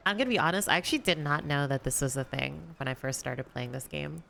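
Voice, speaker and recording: A young woman chatting casually while streaming a game, rambling with lots of fillers and sometimes lifting her voice higher on purpose. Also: animated, fast talker, vocal fry, a bit bright, a little hiss or hum. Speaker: gaming streamer. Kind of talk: casual gameplay commentary.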